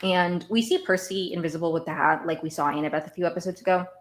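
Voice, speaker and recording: A woman's voice: fairly low pitch, fast talker. A woman hosting a podcast, recapping a TV episode in casual, rambling chat that often repeats itself. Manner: animated, rambling, repeats herself. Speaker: podcast host.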